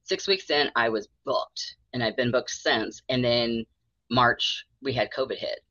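A woman's voice: a bass voice, measured pace, sharp tone, no room sound. A middle-aged woman therapist telling her story in a casual interview, acting out the voices of people she quotes. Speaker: mental health therapist, guest. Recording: dull lo-fi dry sound.

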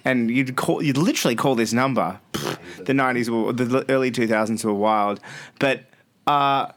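A man's voice: medium pitch, normal speed. Laughing Australian man telling stories. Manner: rambling anecdotes with frequent laughing restarts. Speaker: radio host as podcast guest. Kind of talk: casual storytelling interview. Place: studio.

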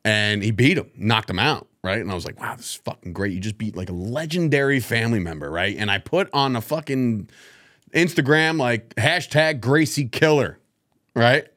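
A man hosting a podcast in casual chat, cracking jokes, swearing freely and breaking into loud laughs. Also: medium pitch, lively intonation, normal speed. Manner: joking, swears a lot, loud bursts of laughter. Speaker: podcast host.

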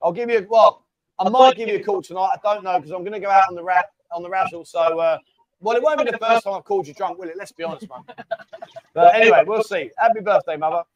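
A man with a high voice hosts a casual livestream, talking fast as he banters with and teases his viewers. There is no echo, and the stream audio sounds dull and lo-fi.

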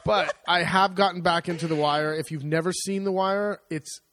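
A man's voice: sits high, steady tone, moderate pace, fairly bright tone, no room sound. Joking man podcast co-host. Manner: wry, joking, offhand. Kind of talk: casual chat. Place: home in Italy.

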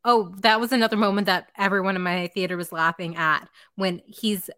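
A young woman co-hosting a casual chat, excited and full of fillers. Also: mid-range voice, a little fast, dry recording, clean studio sound. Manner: chatty, excited, uses many fillers. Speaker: podcast co-host.

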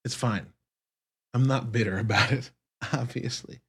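Husky, profane man musing on a podcast. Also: mid-range voice, steady tone, a little slow. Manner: casual, profane, rambling with self-corrections. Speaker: podcast host. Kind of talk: solo podcast monologue.

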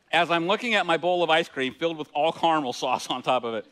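In a church hall, a middle-aged pastor preaches a sermon in a chatty, self-deprecating way, laughing often and restarting his words. His voice is fairly high and a bit bright, and his pace is quick.

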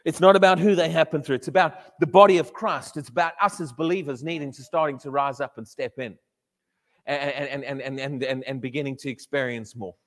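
High-voiced male preacher in a reverberant hall. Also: steady tone, a little fast. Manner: storytelling, frequent stammered restarts and laughs. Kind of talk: sermon.

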